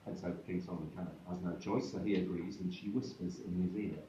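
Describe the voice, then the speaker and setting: Brief: male live storyteller, playful and chatty, mid-pitched, heard from afar in a roomy hall with dull sound. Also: lively intonation, a little fast, a little hiss or hum. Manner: playful, chatty, breaks off to joke with the audience. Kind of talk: live comic storytelling to an audience. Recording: echoey room from far, dull sound with faint music.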